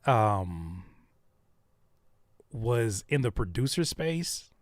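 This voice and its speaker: Animated man hosting a live stream. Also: medium pitch, drawn-out words, dry recording, clean studio sound. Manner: animated and slangy, repeats phrases for emphasis; acts out other people's remarks in shifting voices. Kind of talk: live-stream commentary, casual chat.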